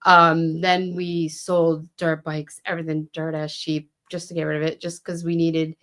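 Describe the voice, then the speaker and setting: A woman's voice: low-pitched, level tone, normal speed, a bit bright. A woman from Fall River, a podcast guest telling stories casually, swearing freely and acting out quoted dialogue. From Fall River, Massachusetts. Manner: frequent "um" and "you know what I mean". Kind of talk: casual storytelling.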